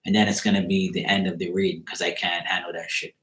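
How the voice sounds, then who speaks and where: A man with a fairly low voice rambles through a story in a loose, casual way, and his speech is peppered with swearing. He talks to the camera from his own apartment, and the sound bounces around an echoey room. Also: flat delivery, fast talker, fairly bright tone. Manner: loose, profane, rambling retelling. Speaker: psychic card reader.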